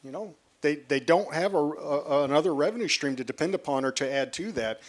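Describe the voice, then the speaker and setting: A man's voice: a little high, lively intonation, a little fast. A man moderating a panel at a festival, explaining prices and asking the audience questions in a conversational way. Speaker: panel moderator, seed production manager. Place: tent at an outdoor festival.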